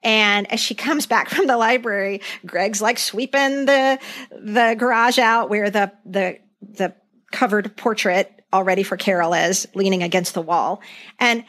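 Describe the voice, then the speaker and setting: A middle-aged woman co-hosting a podcast, telling stories in a casual, animated way. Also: medium pitch, a little slow. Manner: animated storyteller, acts out lines. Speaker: podcast co-host. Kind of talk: casual chat.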